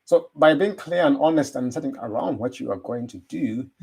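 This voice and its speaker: A man's voice: medium pitch, lively intonation, moderate pace, gravelly, a little mellow, slightly rough. A man giving a rambling motivational talk, full of rhetorical questions. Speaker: motivational speaker. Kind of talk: motivational monologue.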